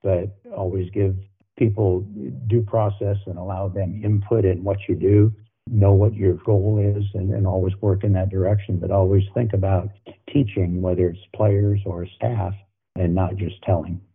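Flat in delivery and low-pitched, slightly rough, this older man speaks at normal speed. A former football coach, he's a podcast guest telling folksy, repetitive stories, recorded with a narrow, phone-like quality.

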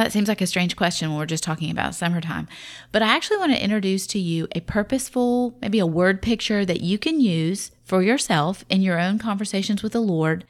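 A woman with a Southern accent, a Christian mother talking through parenting in a casual, folksy, reflective devotional style. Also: medium pitch.

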